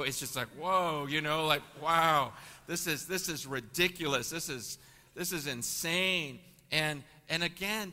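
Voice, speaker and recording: A man shares a story as part of a sermon, his tone bright and forceful. He is animated and keeps restarting his sentences. The long reverb of a large hall hangs on every phrase. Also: medium pitch. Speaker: guest speaker.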